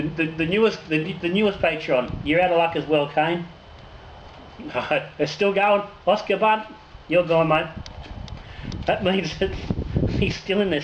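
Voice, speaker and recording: A man, a home brewer hosting his own channel, drawing raffle winners and chatting casually, joking and swearing freely. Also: fairly high pitch. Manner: jokey, swears casually, trails off and restarts. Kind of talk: casual raffle draw and brewing chat. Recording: echoey room with noticeable noise.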